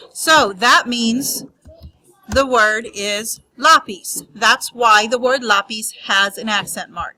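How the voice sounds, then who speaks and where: A woman teaching a lesson on grammar rules, unscripted with restarts and fillers, spelling out terms slowly. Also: a little high, pushed and bright, rough recording. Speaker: Spanish teacher.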